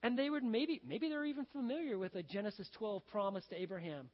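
A man's voice: high-pitched, a little fast. A male pastor preaching a sermon in a conversational, storytelling way, acting out the scenes he describes. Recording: dull sound with long reverb.

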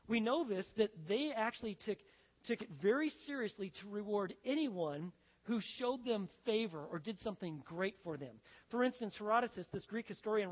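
A man preaching a sermon as a pastor, telling a story in an animated, conversational way. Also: high voice. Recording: dull lo-fi sound with long hall reverb.

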